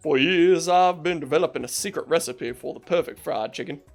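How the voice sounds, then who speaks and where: A streamer voicing a proud old chef with a put-on Southern drawl that drifts between regions, speaking in a slow, folksy way. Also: mid-range voice, soft background music, natural voice.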